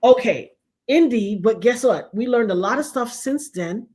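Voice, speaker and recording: A woman's voice: on the high side, expressive, measured pace, darkish tone. A middle-aged woman, hosting a casual livestream chat and telling stories animatedly, acting out the voices of the people she quotes. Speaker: show host.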